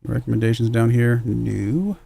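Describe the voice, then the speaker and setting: A man's voice: mid-range voice, normal speed, creaky, mellow, breathy edge. A man casually commenting while he plays a football management game on a livestream, thinking aloud and chuckling at his own slips. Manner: musing aloud, self-deprecating, chuckles at own mistakes.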